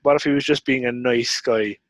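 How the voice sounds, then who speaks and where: A young man co-hosting a podcast, replying in a calm, measured, dry-humoured way. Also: mid-range voice, dry recording, poor audio. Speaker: podcast co-host. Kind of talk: casual podcast chat.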